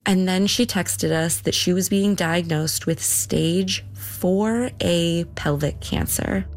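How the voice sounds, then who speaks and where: A young adult woman telling a personal story in an earnest, halting way, full of "like" fillers. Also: on the low side. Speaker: interviewee. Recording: music bed underneath.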